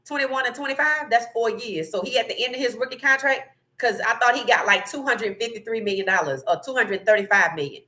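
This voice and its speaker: A woman hosting a casual sports talk livestream, reading chat comments and giving animated, opinionated takes with frequent laughter. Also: on the high side, a little fast.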